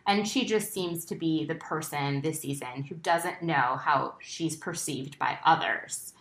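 A woman's voice: deep voice, a little slow. A woman co-hosting a casual chat about a TV show, chatty, laughing often and steering the topics. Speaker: podcast co-host. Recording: roomy echo.

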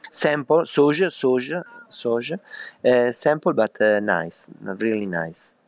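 A man from Italy, a chef, speaking halting English with a strong Italian accent and many fillers. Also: mid-range voice, animated, no room sound. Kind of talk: remote interview.

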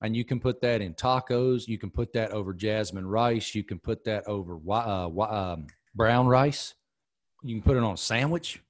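Host role: middle-aged man, lowish voice, chatty, emphatic storyteller. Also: moderate pace. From American South. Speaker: podcast host. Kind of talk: casual chat.

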